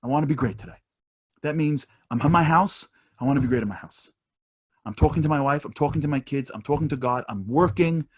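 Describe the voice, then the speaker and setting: A man's voice: a little high, brisk, slightly rough. A man giving an emphatic motivational talk over a video call, repeating his points with energy. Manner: emphatic, repetitive, animated preacher-like delivery. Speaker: guest speaker.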